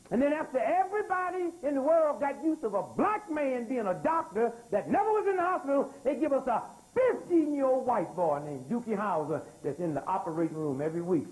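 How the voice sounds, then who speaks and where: An older man lecturing before a live audience, his pitch leaping high and sinking low as he works the crowd. He keeps asking the room to answer back and repeats his key words with heavy emphasis. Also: poor audio. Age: 60s. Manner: animated, calls out to the crowd for responses.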